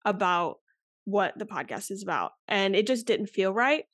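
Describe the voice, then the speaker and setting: A woman's voice: medium pitch, animated, moderate pace, a bit bright, dry recording, studio quality. Candid chatty woman in her twenties. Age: 20s. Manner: candid, rambling, talks with many likes and restarts. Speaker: podcast guest. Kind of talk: casual interview chat.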